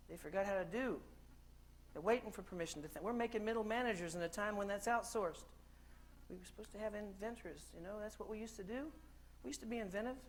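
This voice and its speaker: On a conference hall stage, a keynote speaker with a high male voice tells stories in a lively, joking way and asks the crowd questions. A little hiss or hum sits in the recording.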